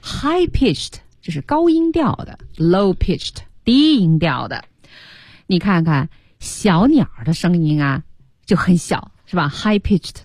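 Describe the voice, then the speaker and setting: A woman's voice: on the low side, big pitch swings, takes it slowly, a little mellow, breathy edge, no room sound. A woman teaching English on the radio, explaining a story line by line and imitating sounds playfully.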